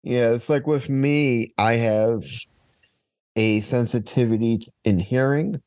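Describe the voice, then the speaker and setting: A man's voice: mid-range voice, slow, darkish tone, no echo. A man chatting casually, telling a personal story and acting out what others said. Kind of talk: casual conversation.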